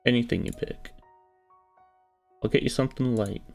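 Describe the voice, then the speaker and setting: A man's voice: medium pitch, moderate pace, creaky, soft background music, pitched above the performer's own voice, lightly acted. A man voicing a fussy, controlling young woman who dotes sweetly while bossing her partner around, for a visual novel. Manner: sweetly doting, bossy.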